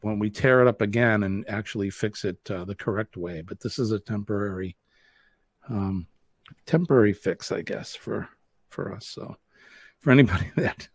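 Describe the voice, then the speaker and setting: A man's voice: lowish voice, normal speed, dry recording, studio quality. A man from New England with a Boston accent, hosting a live stream, chatting in a rambling way and answering viewer comments. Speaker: host.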